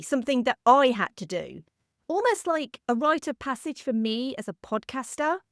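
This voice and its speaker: A woman's voice: fairly high pitch, no room sound, studio quality. A woman in her thirties hosting a film history podcast, speaking earnestly and gratefully, a little emotional. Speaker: podcast host. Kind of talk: heartfelt solo podcast monologue.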